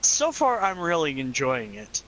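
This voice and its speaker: Slow-talking, bright-voiced male co-streamer, casual and animated. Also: on the high side, slight background noise, low-quality recording. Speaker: stream co-host. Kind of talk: casual chat before a stream.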